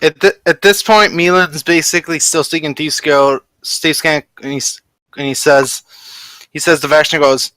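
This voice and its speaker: A man's voice: fairly high pitch, fairly even intonation, normal speed, sharp tone, no room sound. A man playing a tabletop game who rambles and keeps correcting himself. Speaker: player. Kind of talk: casual tabletop game talk.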